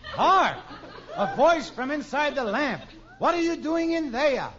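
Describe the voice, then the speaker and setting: A man's voice: very high voice, sing-song, measured pace, highs cut off, crowd noise, full character voice. A man playing a silly young prince in a 1940s radio comedy, clowning and giggling, on a hissy old broadcast. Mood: playful.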